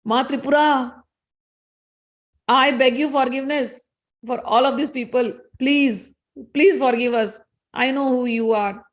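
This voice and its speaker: Woman putting on wise male guru, earnest, a bit higher. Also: steady tone, a little slow. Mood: pleading. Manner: pleading, then scolding.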